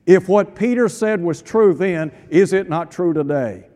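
A man's voice: sits high, a little slow, mellow, long reverb tail. A man preaching a radio sermon, emphatic and driving his points home with rhetorical questions.

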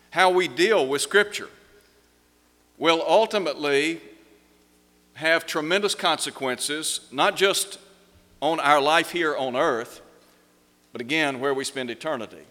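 A man preaching an evening sermon from the pulpit, with a measured cadence that slows down and speeds up for emphasis. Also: a little high, bright, forceful tone. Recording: long hall reverb.

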